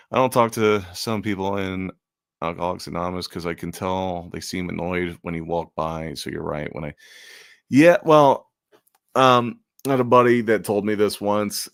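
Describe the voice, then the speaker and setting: A man with a low, gravelly voice talks in a loose, rambling way. He slips in dry, self-deprecating jokes. The sound is close and dry, with little room around it. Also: no room sound. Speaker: convention artist and channel host. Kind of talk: casual chat.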